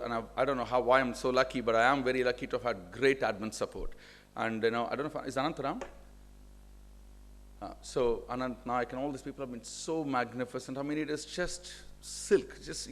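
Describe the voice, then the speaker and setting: A man, a finance professor giving an emotional thank-you speech, halting and repeating words. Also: medium pitch, fairly bright tone, slight background noise. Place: large auditorium hall. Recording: reverberant hall.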